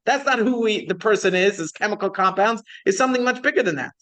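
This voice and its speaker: A man's voice: high-pitched, fast, pushed and bright. A man, a rabbi, teaching a class in a conversational lecture style, often checking in with his students and asking them questions.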